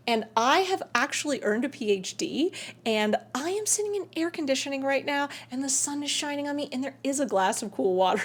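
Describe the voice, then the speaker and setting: A woman hosting a spiritual self-help video, talking to camera in an air-conditioned room, emotive and swinging between soft and excited. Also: high-pitched.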